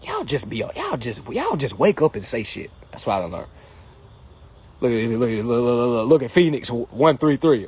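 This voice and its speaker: A man hosting a casual livestream, answering comments in an animated, mocking way that swings between loud jokes and low asides. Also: moderate pace, breathy edge. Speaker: livestream host reading comments.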